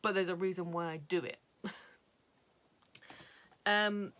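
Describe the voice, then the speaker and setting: Chatty British woman, slightly low voice. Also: fairly even intonation, slow pace, a bit bright. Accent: British English. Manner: rambling and candid, many fillers and cheerful swearing. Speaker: collector showing her anime collection. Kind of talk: casual chat.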